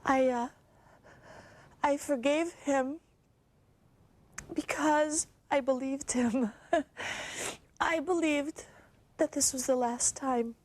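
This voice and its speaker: A young actress performing a theatrical monologue as a woman recounting her abusive relationship, halting and wistful. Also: sits high, darkish tone. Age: young adult. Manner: halting, wistful, with nervous laughs and sighs.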